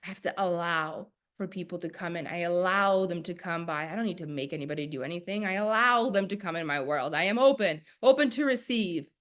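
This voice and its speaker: Speaking a little fast with hardly any pauses, this woman has a lowish voice. She coaches a live online masterclass, delivering it in a forceful, preacher-style cadence, circling back to key phrases and speaking directly to viewers.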